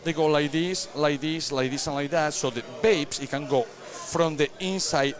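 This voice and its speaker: A man from Spain, a cigar maker guest at a cigar shop event, chats casually in broken English with a Spanish accent. His voice is fairly high and moderately paced, and he's animated and joking.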